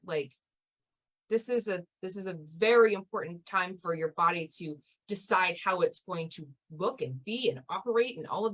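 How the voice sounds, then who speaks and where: A woman's voice: on the low side, a bit bright. Thoughtful woman in a casual podcast chat. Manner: thoughtful, hedging, laughs often.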